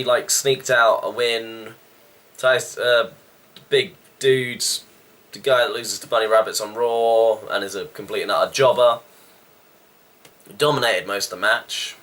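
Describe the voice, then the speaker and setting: A man casually reviewing a wrestling show, chatty and loose with sighs and quick asides. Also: medium pitch, a bit bright.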